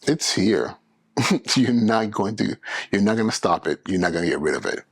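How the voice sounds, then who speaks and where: Gravelly-voiced man hosting a podcast. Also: on the low side, normal speed, dry recording. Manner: animated, restarts phrases, emphatic. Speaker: podcast host. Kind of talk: casual solo podcast monologue.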